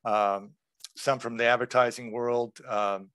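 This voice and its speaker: A man presenting a workshop lecture in a relaxed, conversational way, explaining terms with examples. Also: mid-range voice, moderate pace, clean tone, no room sound.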